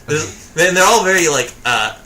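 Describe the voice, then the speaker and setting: A man's voice: fairly high pitch, animated, moderate pace, sharp tone. A young man co-hosting a casual gameplay commentary, joking and sarcastic as he talks. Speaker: co-host.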